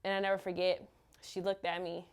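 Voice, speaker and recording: Woman, lower voice, mother recounting hard times, candid and halting. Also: flat delivery, clear, resonant tone. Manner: halting, open, full of "like" and "you know". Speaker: mother sharing her experience. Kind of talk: candid personal storytelling.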